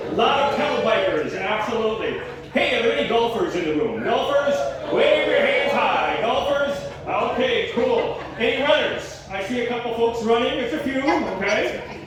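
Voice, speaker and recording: Male emcee, higher pitch, playful drawn-out storyteller, heard from far off in a big echoing hall. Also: lively intonation. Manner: folksy, playful, drawn-out delivery. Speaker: master of ceremonies. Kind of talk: stage joke storytelling. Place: large hall at a talent show.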